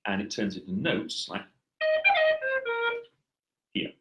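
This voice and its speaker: A man's voice: on the low side, slow pace, fairly bright tone, faint music behind, low-quality recording. A man giving presentation coaching on a video call, explaining things patiently with wry, dry humor. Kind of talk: coaching feedback chat. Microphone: headset.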